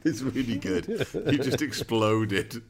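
A man co-hosting a podcast, talking in a halting, amused way as he introduces a segment. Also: medium pitch, expressive, noisy background. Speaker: podcast co-host. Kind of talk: casual chat.

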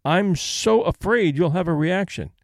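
This is a reserved middle-aged companion in a storybook reading, quiet and restrained, as a man reads her. She speaks plainly and dutifully in a slightly high voice. The recording is dry and close. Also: a little slow, dry recording.

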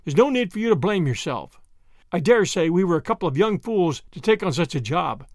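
A man's voice: high-pitched, sing-song, brisk, darkish tone, no room sound, studio quality. A man reading an audiobook, voicing a young Englishman who is earnest and shaken, in a clipped, earnest way. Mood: strained.

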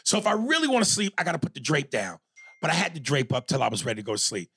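A man from New York tells a long story on a podcast, cursing freely and slipping into quoted voices. His voice is gravelly with a husky, slightly rough edge. He keeps the story moving in an animated, casual rhythm. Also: a little high, very fast, no echo. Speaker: podcast co-host.

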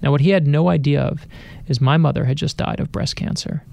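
Gravelly-voiced man telling a story. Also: on the high side, fairly even intonation, fairly quick, darkish tone, no room sound. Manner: tells anecdotes acting out quoted voices. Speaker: best-selling author, interview guest. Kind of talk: animated storytelling. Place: radio studio.

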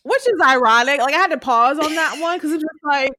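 A woman's voice: high-pitched, fairly quick, bright, forceful tone, no echo, clean studio sound. A woman co-hosting a casual TV recap podcast, talking animatedly and often acting out what the characters say. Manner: frequent "like" fillers, laughs while talking. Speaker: podcast co-host.

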